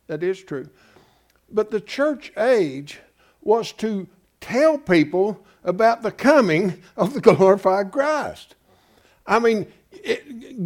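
A man preaching a Bible-study sermon, emphatic and folksy, often asking his congregation rhetorical questions. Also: sits high. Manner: folksy, calls listeners "folks".

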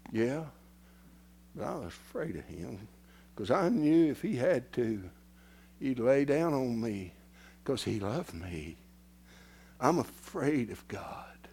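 A male preacher telling a story in a sermon, folksy and direct with his listeners, dropping to hushed whispers and rising to loud impassioned preaching. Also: mid-range voice, breathy edge.

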